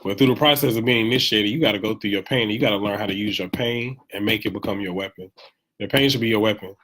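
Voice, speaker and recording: A man talking casually in a preachy, animated motivational monologue, live from home, repeating phrases for emphasis. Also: lowish voice, fast talker.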